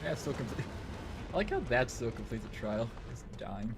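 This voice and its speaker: A man's voice: medium pitch, sing-song, normal speed, over music. Rambling, foul-mouthed male gaming streamer. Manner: rambling and profane, full of "it's like". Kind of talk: casual gaming stream chat.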